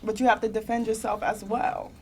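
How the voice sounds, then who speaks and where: On a meeting-room conference panel, this young woman tells her personal story in a mid-range, darkish voice that runs a little fast with flat delivery. She is sincere and frequently on the verge of crying, with bursts of rueful laughter.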